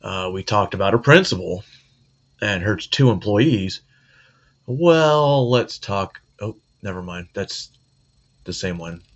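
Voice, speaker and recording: A man's voice: on the low side, expressive, takes it slowly, highs cut off. A man hosting a commentary video, talking in a sarcastic, conversational way. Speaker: video host. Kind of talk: commentary monologue.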